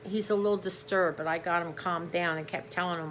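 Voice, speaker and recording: A woman's voice: fairly low pitch, steady tone, a little fast, a little hiss or hum. Tired, chatty woman crafter at home. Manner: rambling, warm-hearted, with many restarts. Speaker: craft vlogger. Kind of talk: casual chatty vlog. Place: at home, on a couch.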